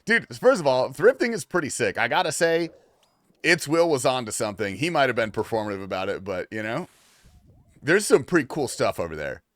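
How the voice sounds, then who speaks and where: A man's voice: medium pitch, a little fast, dry recording. A man streaming a video game, chatting casually and swearing as he reacts to the game and his chat. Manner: loose and profane, reacting to gameplay and chat; shifts between mumbling asides and excited outbursts. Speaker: livestreamer. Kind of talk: casual gaming livestream chat.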